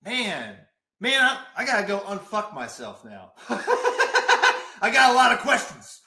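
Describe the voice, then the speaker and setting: A man co-hosting a casual fitness podcast, an animated storyteller who swears and laughs a lot. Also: high-pitched, slow pace, reverberant. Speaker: podcast co-host and fitness trainer.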